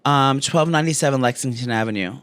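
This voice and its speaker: A man's voice: medium pitch, quick pace, fairly bright tone, clean tone, dry recording. A man co-hosting a comedy podcast, goofy and rambling, often stammering into his lines. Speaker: podcast co-host. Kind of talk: casual comedic chat.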